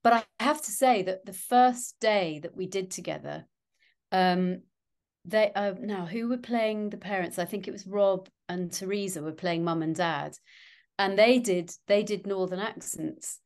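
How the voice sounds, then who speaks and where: Middle-aged woman, actress guest; chatty, self-mocking, lively anecdotes. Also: mid-range voice, a little slow. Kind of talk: anecdotal interview chat.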